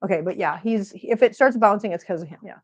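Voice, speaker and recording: A chatty woman from Missouri talks casually into a laptop microphone at home. She rambles between topics and slips into soft baby talk for her cats. The audio is slightly dull. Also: medium pitch, fast talker. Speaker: cat channel host. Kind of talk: casual livestream chat.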